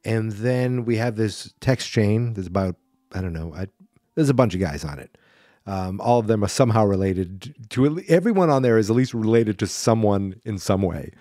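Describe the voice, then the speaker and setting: Male podcast host, lowish voice, casual and self-deprecating, rambling delivery, dry recording. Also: lively intonation, normal speed, mellow, dry recording.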